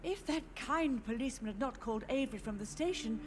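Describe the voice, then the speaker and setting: A woman's voice: sits high, animated, fast talker, noisy background. A confused, grieving old mother. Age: older. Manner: wistful, drifting, gently insistent. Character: frail grieving old mother, confused, haunted by her dead. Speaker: game character. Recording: game voice acting over loud game music.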